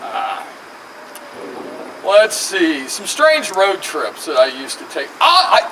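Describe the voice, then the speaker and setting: A man's voice: sits high, huge pitch swings, takes it slowly. A retired man doing a profane, self-mocking stand-up comedy set. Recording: distant mic, faint noise.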